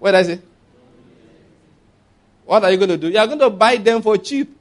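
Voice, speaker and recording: High-voiced preacher. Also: male voice, fairly quick. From Nigeria. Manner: conversational preaching with asides and laughter, call-and-response. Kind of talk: sermon.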